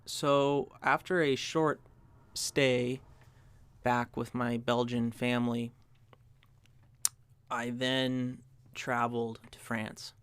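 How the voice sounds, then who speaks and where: A man's voice: mid-range voice, flat delivery, slow, long pauses, a bit bright, clear, resonant tone, no room sound. A young man hosting a podcast, telling a personal story in a reflective way and often restarting his sentences as he searches for words. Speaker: podcast host.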